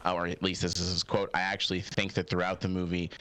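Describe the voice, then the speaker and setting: Low-voiced man, hesitant questioning. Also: monotone, fast talker, pushed and bright. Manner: hesitant, filler-heavy questioning. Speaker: interviewer. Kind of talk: casual debate-style interview.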